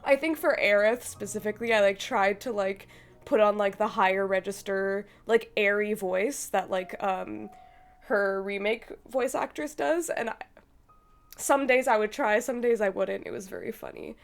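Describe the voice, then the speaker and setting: A woman's voice: mid-range voice, normal speed. A young woman streamer chatting casually with her brother, rambling and hesitant with many fillers, sounding feverish. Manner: rambling, hesitant, full of likes and ums, laughs often. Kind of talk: casual chat.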